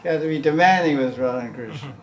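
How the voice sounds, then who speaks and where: A man's voice: on the high side, fast, slight background noise. A man teaching a devotional class in a loose, conversational way, often chuckling and acting out the pleas he quotes. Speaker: spiritual teacher.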